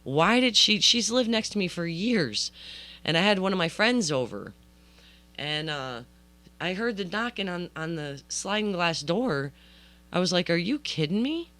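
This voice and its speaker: A woman's voice: on the low side, a little slow. A woman hosting a podcast who tells a comic story with chatty asides to the listener and acts out the quoted lines. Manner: animated, acts out quoted dialogue. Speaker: podcast host.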